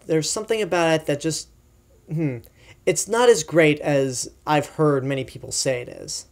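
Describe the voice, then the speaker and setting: A man's voice: on the high side, moderate pace, a little mellow. A young man giving a casual, chatty film review, enthusiastic and full of asides and fillers. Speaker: movie reviewer.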